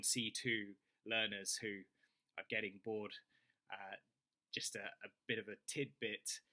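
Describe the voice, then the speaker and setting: Slow, bright-voiced British male teacher. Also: mid-range voice. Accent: British English. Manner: slow, clear modelling of phrases for learners to repeat. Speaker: English teacher. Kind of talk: online English lesson.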